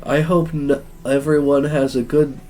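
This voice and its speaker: A man's voice: fairly high pitch, little pitch movement, measured pace, mellow, faint music behind, lightly acted, low-quality recording. A man voicing an eager, apologetic young male student in a game.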